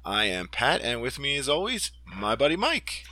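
A man's voice: medium pitch, wildly swooping pitch, moderate pace, bright, forceful tone, a little hiss or hum. A man co-hosting a casual podcast, talking with enthusiasm, laughing often and repeating his words. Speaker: podcast co-host.

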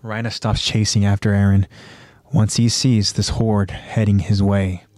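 A man's voice: on the low side, little pitch movement, unhurried, darkish tone, dry recording. A man hosting a podcast, plainly retelling an anime episode with fillers. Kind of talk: episode recap narration.

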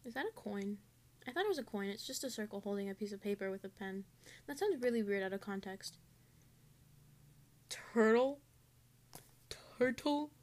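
A woman's voice: medium pitch, expressive, fast. A teenage girl in a casual vlog, ranting in an exasperated, sarcastic way about her online class. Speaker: student vlogger.

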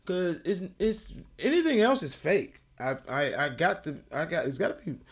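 A man's voice: a little high, sing-song, normal speed. A man hosting a podcast, rambling through a casual monologue with lots of profanity. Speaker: podcast host.

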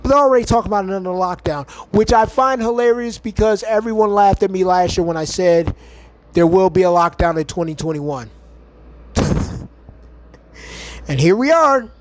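A man's voice: high voice, moderate pace, long pauses, no room sound. A man hosting a podcast, delivering a heated, mocking and profane ranting monologue from home. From United States. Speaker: podcast host.

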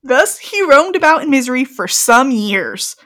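A woman's voice: high voice, very animated, normal speed, sharp tone. Giggly young woman reading a fairy tale. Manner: giggly, reads old-fashioned text then breaks into joking commentary. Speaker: story reader and co-host. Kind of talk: reading a fairy tale aloud with chatty asides.

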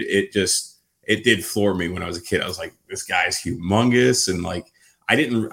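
A man's voice: low-pitched, vocal fry, a bit bright. A man co-hosting a podcast, chatting loosely and laughing as he talks. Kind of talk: casual podcast chat.

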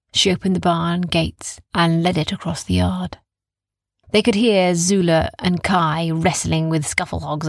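A woman reads a bedtime story slowly and soothingly, often dropping to a whisper. Her voice is very husky and gravelly, a little low in pitch. The recording is dry and close, with no room around it. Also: no room sound. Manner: slow, calm, gentle, repeating soothing phrases. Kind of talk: soft bedtime story narration, partly whispered.

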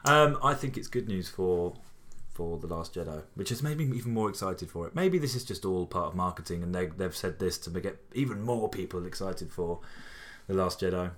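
A man's voice: sits low, expressive, brisk, fairly bright tone. A man co-hosting a podcast, playful and teasing. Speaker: podcast co-host. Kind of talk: casual chat.

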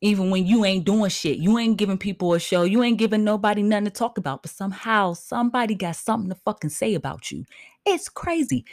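A woman hosts her own podcast, delivering a solo rant that is heated, emphatic, and full of profanity. Her voice sits at medium pitch with a somewhat dark tone, and she talks quickly.

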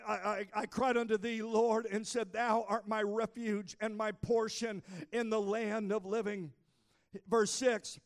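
High, gravelly preaching pastor. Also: male voice. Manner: preaching with rising intensity, frequent "uh" fillers, shouted exhortation. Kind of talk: sermon. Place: church sanctuary.

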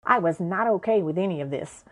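A woman's voice: lowish voice, a little fast, dull audio. A woman narrates her own story in a frank, everyday voice. She talks conversationally and swears without holding back.

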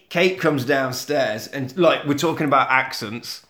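A man co-hosting a comedy podcast, recapping a film with crude, animated storytelling. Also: mid-range voice, unhurried. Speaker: podcast co-host. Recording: roomy echo.

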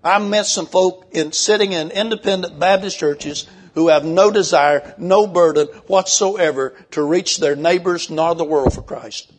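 An older man preaching a sermon, folksy and emphatic, slowing down when he reads scripture. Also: a little high.

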